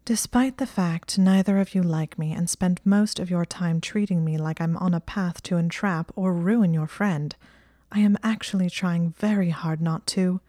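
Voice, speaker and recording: A woman's voice: fairly low pitch, normal speed, mellow, no room sound, clean studio sound, close to an everyday voice. A woman voicing a clever, stubborn teenage witch girl who speaks in an earnest, clipped, defensive way.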